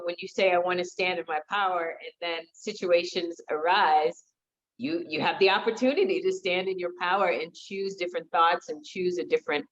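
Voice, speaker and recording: A woman in casual podcast chat, talking reflectively with many pauses and fillers. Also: medium pitch, dull audio. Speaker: podcast co-host.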